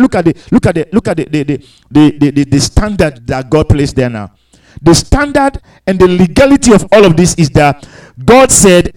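A man's voice: a little high, lively intonation, moderate pace, a little mellow, low-quality recording. A man preaching a sermon, reading scripture aloud and breaking in with hallelujahs and questions to the congregation. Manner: asks the congregation questions, repeats phrases. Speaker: pastor.

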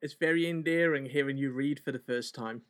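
A man co-hosting a casual podcast from a hot home attic, relaxed and wry, often restarting his words. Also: mid-range voice, brisk. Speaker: podcast co-host.

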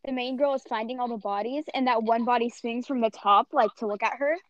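A woman's voice: a little high, brisk, muffled recording. A woman co-hosting a podcast, chatting casually and dropping playful, quippy asides. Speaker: podcast co-host. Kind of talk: casual chat.

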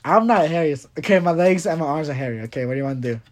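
High-voiced young man bantering with a friend. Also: animated, racing. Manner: playfully defensive, teasing. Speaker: podcast co-host. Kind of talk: casual banter between friends.

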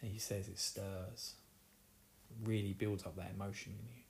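Essex bloke chatting through a book recap, mellow voice, cracks himself up doing the characters. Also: male voice, on the low side, flat delivery, normal speed, creaky, slight background noise. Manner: jokey, laughing, acts out character lines. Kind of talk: casual chat.

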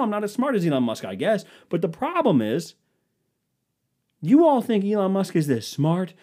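Ranting young man podcasting solo. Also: sits high. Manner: worked-up ranting, swinging between shouting and mumbling. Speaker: podcast host.

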